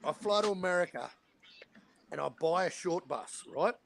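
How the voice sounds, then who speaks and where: A man's voice: sits high, animated, normal speed, vocal fry, crowd noise. A man with an Australian accent hosting a casual, rowdy chat, swearing freely as he tells stories. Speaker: podcast host.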